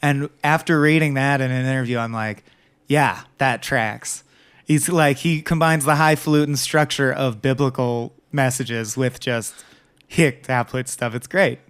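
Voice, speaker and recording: A man's voice: mid-range voice, fairly even intonation, moderate pace, fairly bright tone, smooth. A man co-hosting a podcast, talking through a film in casual, enthusiastic chat with the odd swear. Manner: enthusiastic, quotes dialogue and swears freely. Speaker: podcast co-host.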